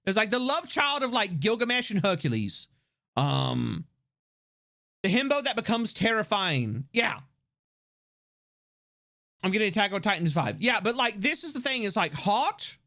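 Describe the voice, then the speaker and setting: A streamer chatting casually on a livestream, rambling with lots of fillers and restarts, excitable and laughing often. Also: mid-range voice, measured pace, pauses often.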